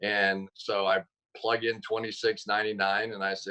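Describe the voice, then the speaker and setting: A man, a football analyst guest on a sports talk show, telling stories casually and acting out quotes with sudden jumps in pitch. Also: little pitch movement, normal speed, sharp tone, low-quality recording.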